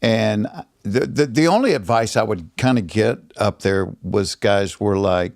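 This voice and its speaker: A middle-aged man with a Georgia Southern accent, with a gravelly edge to his voice. He tells stories in a loose, animated way and jumps up in pitch when he acts out other people. The sound is close and dry. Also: measured pace, dry recording. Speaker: guest comedian. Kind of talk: casual storytelling chat.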